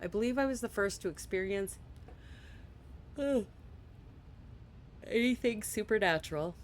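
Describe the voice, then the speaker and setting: Let's play host, sleepy and yawning, reads tutorial text aloud, quick offhand asides, mid pitch, faint low background hum. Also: animated. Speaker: gaming channel host. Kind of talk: casual let's play commentary.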